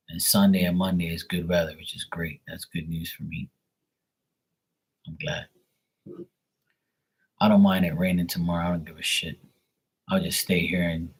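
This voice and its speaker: A man's voice: deep voice, husky. A man hosting a live stream, chatting in a rambling, laid-back way and swearing often. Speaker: livestream host. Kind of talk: casual chat.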